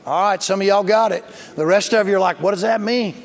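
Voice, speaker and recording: A man's voice: high voice, fairly quick. A man preaching a sermon as pastor, plain-spoken and emphatic, calling for responses from the congregation. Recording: long reverb of a large hall.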